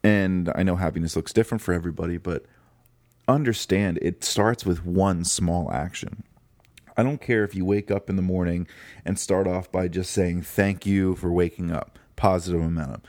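A man's voice: sits low, fairly even intonation, normal speed, a little mellow, no room sound. A man hosting a solo motivational podcast talk, earnest and rambling, often correcting himself mid-sentence. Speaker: podcast host.

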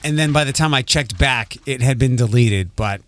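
A man hosting a morning radio show, chatty and teasing in quick banter with his co-hosts. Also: mid-range voice, a little hiss or hum.

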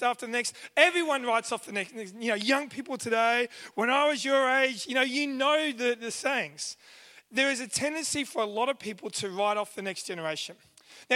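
High-voiced teacher in a reverberant hall. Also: male voice. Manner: lively storytelling, acts out a student's voice. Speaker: high school teacher giving a talk. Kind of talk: speaking to an audience.

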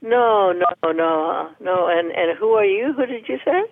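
A woman's voice: on the low side, lively intonation, measured pace. Indignant woman on a tinny phone line. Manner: indignant and defensive. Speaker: prank call target.

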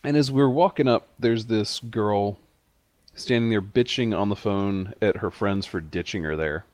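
A man's voice: lowish voice, measured pace, a little mellow, dry recording. A man in casual chat, starting his own story with dry joking asides.

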